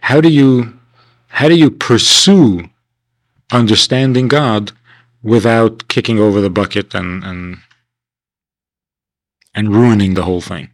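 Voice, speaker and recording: A man's voice: on the low side, measured pace, long pauses, no room sound, poor audio. A man teaching a class at a winter camp in a conversational lecture style, asking rhetorical questions and acting out the people he quotes. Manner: animated, acts out the people he quotes.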